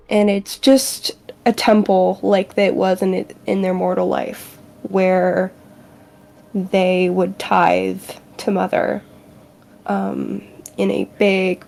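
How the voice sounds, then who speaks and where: A woman playing a tabletop game, narrating her character's feelings in a slow, hesitant and reflective way with frequent ums. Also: mid-range voice, creaky, darkish tone, slight background noise. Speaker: player.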